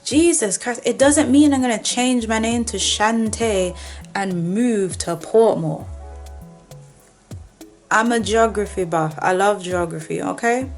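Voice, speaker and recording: A young woman from Nigeria talks straight to her viewers in a loose, chatty vlog. She jokes, muses and now and then pops into a squeaky mock voice for imagined commenters, with soft music faintly under her. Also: a little slow. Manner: chatty, animated, with playful put-on voices of commenters. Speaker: vlogger. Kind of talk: casual talking-to-camera chat.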